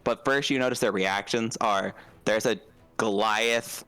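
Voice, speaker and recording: A man's voice: lowish voice, a little slow, sharp tone, clear, resonant tone. A man narrating a tabletop game as dungeon master, hesitant and full of fillers and restarts.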